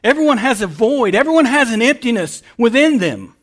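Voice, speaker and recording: A man with an unusually high voice delivers a sermon. He talks in an emphatic preaching manner, swinging from quiet, explanatory passages to loud, stretched-out calls. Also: big pitch swings, brisk. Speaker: pastor.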